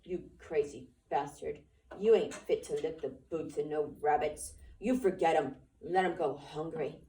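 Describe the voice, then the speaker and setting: A woman putting on a giant imagined rabbit, scornful and taunting. Its voice is dropped lower and carries contempt. The sound comes from some distance off the mic. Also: steady tone, unhurried, warm tone.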